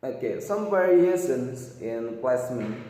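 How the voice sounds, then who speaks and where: Slow, halting male teacher in echoey room. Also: medium pitch, expressive, dark tone. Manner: halting, many restarts and fillers, repeats phrases. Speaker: English teacher. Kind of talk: grammar lesson explaining examples. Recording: echoey room with long reverb.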